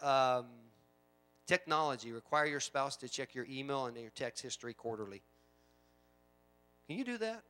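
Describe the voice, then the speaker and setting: A middle-aged man, a pastor preaching a sermon in church, shifting from low conversational asides to loud emphatic preaching. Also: animated, normal speed, pauses often. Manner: conversational, with frequent asides and repetitions. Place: church sanctuary.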